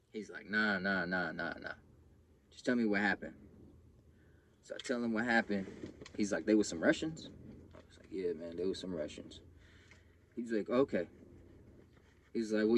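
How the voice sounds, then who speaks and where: Young man, lowish voice, blunt street slang, personal story, faint background noise. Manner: blunt, profane street slang, acts out quotes with raised voice.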